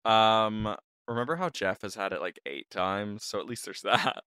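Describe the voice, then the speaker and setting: Man with a crisp, dry teasing voice. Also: fairly low pitch, moderate pace, sharp tone, dry recording. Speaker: podcast co-host. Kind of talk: casual chat.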